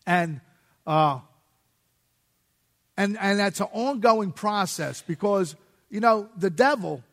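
A man's voice: high-pitched, fairly bright tone. Casual man testifying in a reverberant church. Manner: casual, street slang, laughs at himself. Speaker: guest speaker giving testimony in church. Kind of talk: sermon testimony. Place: church sanctuary. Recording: long reverb of a church hall.

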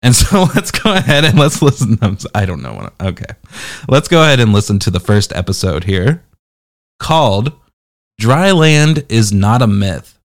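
Brief: male podcast reviewer, low-ish voice swinging wildly up and down, sarcastic and teasing. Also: very animated, normal speed. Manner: sarcastic, teasing, jumpy delivery. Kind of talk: casual podcast review chat.

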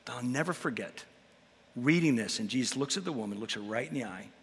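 A man, a pastor, talking about faith and telling Bible stories with lively energy that rises into preaching. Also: medium pitch, fast, long reverb tail. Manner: animated storyteller, rises into preaching. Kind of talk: conversational faith talk with storytelling.

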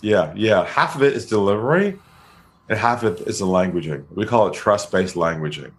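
Low-voiced calm storytelling man. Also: normal speed. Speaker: guest, sales trainer. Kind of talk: podcast interview storytelling.

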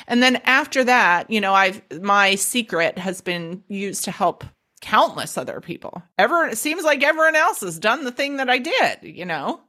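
Woman cohost, bright slightly high voice, swears a lot, animated storyteller. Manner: blunt, profane, animated storytelling. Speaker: podcast co-host. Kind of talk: casual recovery talk.

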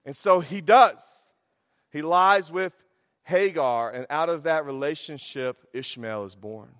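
A man preaching a sermon as a pastor, animated, swinging between loud emphasis and quiet asides, in a church sanctuary. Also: fairly high pitch, measured pace, smooth. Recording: long hall reverb.

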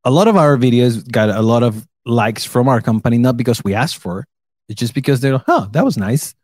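A man in his thirties, an English speaker, chatting casually as co-host, relaxed and laughing often. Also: medium pitch, a little fast, dry recording. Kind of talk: casual chat.

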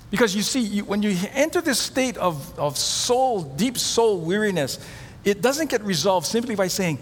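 A middle-aged male pastor preaches, slipping into the voices of the people in his stories. His voice sits a little high, and it rings out with the long reverb of a large hall over faint background ambience. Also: normal speed, a little hiss or hum. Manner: animated storytelling, acts out quoted voices. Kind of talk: sermon.

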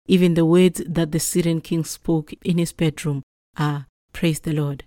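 Brief: earnest woman preacher, low mellow voice, dry close recording. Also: no echo. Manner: earnest, exhorting. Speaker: Bible teacher. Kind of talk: devotional Bible reading and preaching.

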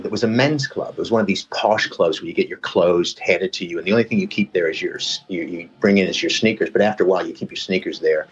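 A man with a husky, fairly low voice tells a winding story in relaxed chat, padding nearly every thought with "you know" and restarts. The sound is dull and lo-fi, like a muffled call. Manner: rambling, lots of "you know" fillers. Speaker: podcast guest, personal trainer. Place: lives near Reading, England.

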